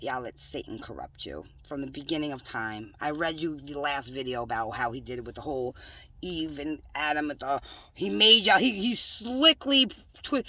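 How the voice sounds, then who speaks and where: A woman rambles through a religious monologue, dropping into hushed whispers and then rising to loud scolding. Her voice is bright and sharp, heard a little away from the mic in a dry room. She slows down to read definitions aloud. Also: deep voice, very animated, dry recording, far from the mic. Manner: reads definitions aloud slowly. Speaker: self-styled prophet vlogger.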